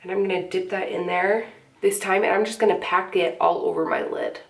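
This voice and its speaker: A woman's voice: on the low side, a little fast, vocal fry, far from the mic. A young woman chatting casually through a makeup tutorial, with sniffles from a cold. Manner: chatty, relaxed, filler-heavy. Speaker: beauty vlogger. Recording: echoey room, slightly off-mic.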